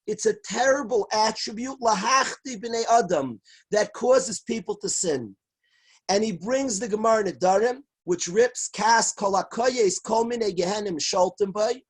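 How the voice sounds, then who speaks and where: Rabbi on a video call, high husky voice, earnest and emphatic. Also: male voice, poor audio. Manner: earnest, emphatic, repeats key phrases, sometimes shouts. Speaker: rabbi teaching a class. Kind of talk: Torah lecture.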